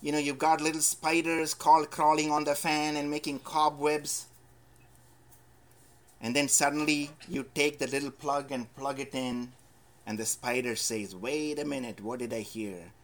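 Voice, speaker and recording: A man preaching a sermon, telling a Bible story in a lively storytelling way, swinging from loud emphasis to soft asides. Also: fairly high pitch, unhurried.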